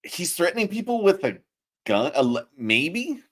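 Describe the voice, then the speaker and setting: A man's voice: high voice, moderate pace. Podcast guy who gets all worked up, stammers, keeps asking the same thing, voice swinging way up and down. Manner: excitable, stammers and repeats questions eagerly. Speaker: podcast co-host. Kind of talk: political podcast commentary.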